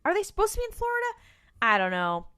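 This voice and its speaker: A woman's voice: very high voice, fast talker. Woman recapping a TV episode, quoting characters. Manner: animated retelling, acting out quotes with laughs. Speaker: podcast co-host. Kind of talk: casual rewatch podcast recap.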